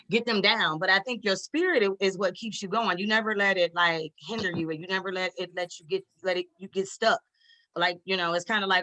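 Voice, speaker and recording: A woman's voice: medium pitch, fairly quick, pushed and bright. A woman on a video call, talking heartfelt and rambling to a friend, swearing casually, getting emotional.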